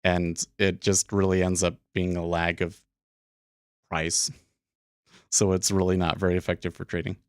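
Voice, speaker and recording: Low-voiced man hosting a trading livestream. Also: little pitch movement, normal speed, long pauses, smooth, dry recording, studio quality. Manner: thinking aloud, frequent restarts and "right?". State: slightly out of breath. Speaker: day trading livestream host. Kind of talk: casual livestream talk. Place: small closed room.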